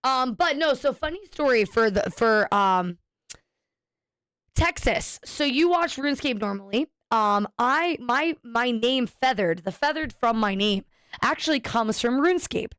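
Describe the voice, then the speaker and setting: A woman's voice: a little high, animated, a little slow, fairly bright tone, clean tone, no echo. A woman streamer chatting casually with viewers, rambling and cutting herself off mid-sentence as she tells a story. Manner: rambling, self-interrupting storyteller.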